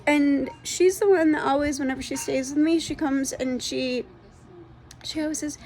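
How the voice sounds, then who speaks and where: A woman's voice: high-pitched, steady tone, normal speed, darkish tone. A woman who runs a dog rescue gives a casual spoken update from home into a phone camera. She sounds congested and rambles with lots of ums and restarts.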